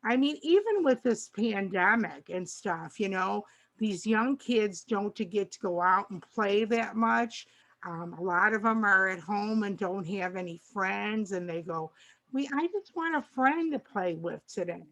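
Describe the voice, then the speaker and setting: An older woman chatting casually as a co-host, meandering from one thought to the next. She often restarts her sentences and slips into little acted-out snippets of dialogue. Her pitch sits at a middling level. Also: a little slow. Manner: rambling, warm, restarts often and acts out dialogue. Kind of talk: casual chat.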